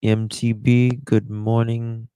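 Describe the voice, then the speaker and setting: Slow gravelly man hosting a livestream. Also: fairly low pitch, completely flat delivery, mellow, dry recording, muffled recording. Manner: greets chatters one by one, candid and profane. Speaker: livestream host. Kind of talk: casual live-stream chat.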